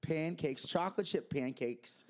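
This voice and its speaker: Animated storytelling worship leader man. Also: fairly high pitch, a little slow. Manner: animated storyteller, jokey, laughs at himself. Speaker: worship leader and youth director. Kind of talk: casual church podcast chat.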